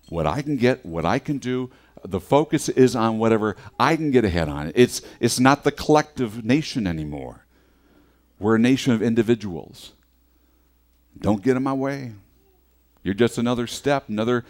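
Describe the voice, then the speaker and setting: A man's voice: on the low side, a little mellow. A middle-aged man preaching a sermon in an earnest, conversational way, often repeating words as he restarts.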